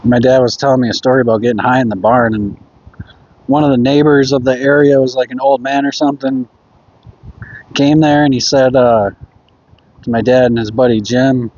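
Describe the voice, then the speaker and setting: A young man from Minnesota, with the accent to match, rambles through stories in a relaxed, offhand way. His voice sits at an ordinary middle pitch and he swears casually as he talks. The sound is slightly dull and lo-fi, picked up outdoors during a ride. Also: moderate pace. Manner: rambling storyteller, laid-back, swears casually. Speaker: livestreamer. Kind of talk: casual live-stream chat while riding. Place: outdoors on a scooter ride by a creek.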